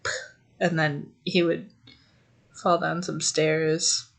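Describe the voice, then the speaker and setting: A woman's voice: low voice, flat delivery, slow pace, creaky. A young woman co-hosting a podcast in casual chat, giggly and rambling, swearing freely. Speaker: podcast co-host.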